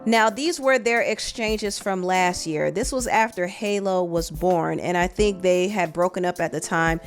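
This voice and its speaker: A woman's voice: on the low side, measured pace, faint music behind. A woman hosting a celebrity gossip show, talking through the story conversationally and reading out text messages. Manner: conversational, reads out texts aloud. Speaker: host.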